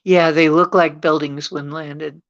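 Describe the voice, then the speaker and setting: A woman's voice: low voice, steady tone, measured pace, highs cut off. A woman hosting a casual talk show, rambling with a sarcastic edge.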